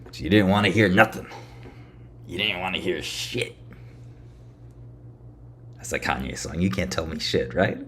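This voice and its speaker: A man's voice: sits low, unhurried, pauses often, a bit bright, a little hiss or hum. A man ranting sarcastically on a livestream, swearing and mocking his audience. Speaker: streamer.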